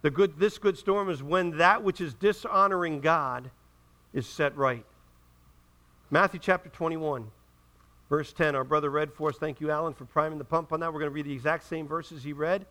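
Fervent high-voiced male preacher. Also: fairly even intonation, normal speed, sharp tone. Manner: fervent, rising and falling emphasis, asks the congregation to respond. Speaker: pastor. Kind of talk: sermon.

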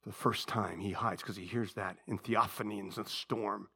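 A male pastor preaching a sermon with passion, dropping to a hush and then rising loud. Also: fairly low pitch, fairly even intonation, moderate pace, creaky, slightly rough. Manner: impassioned preaching, swinging between hushed and loud.

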